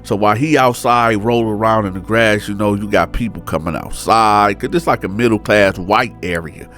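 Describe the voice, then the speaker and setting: A man's voice: fairly low pitch, normal speed, a bit bright, faint music behind. A man casually telling a true-crime story in colloquial slang, often checking in with "right?".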